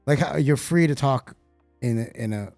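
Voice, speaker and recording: A man chiming in with quick, joking interjections during a casual podcast chat. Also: medium pitch, vocal fry, a little mellow, soft background music. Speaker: podcast guest.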